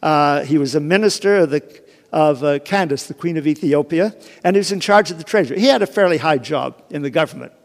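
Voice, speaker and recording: A man's voice: fairly high pitch, fairly quick. Man preaching in a reverberant hall. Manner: conversational, with frequent restarts and asides. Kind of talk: informal sermon storytelling.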